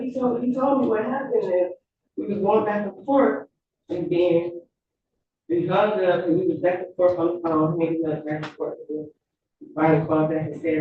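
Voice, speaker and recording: A woman testifying as a witness in a courtroom, speaking in a halting way and often repeating herself. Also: lowish voice, slight background noise. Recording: echoey distant courtroom audio, lo-fi.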